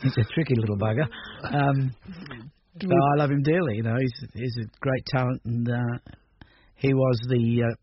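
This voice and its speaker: Older man, halting radio guest. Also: medium pitch, steady tone. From Australia. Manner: rambling, hesitant, many restarts. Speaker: musician guest. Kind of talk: radio interview. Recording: dull radio recording with faint noise.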